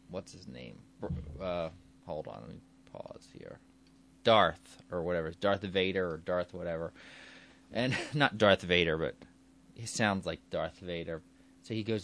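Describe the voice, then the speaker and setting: A man's voice: sits low, unhurried, a bit bright. A man hosting his own podcast in a casual, rambling way, chuckling often and restarting his sentences. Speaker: podcast host. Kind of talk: casual solo podcast chat.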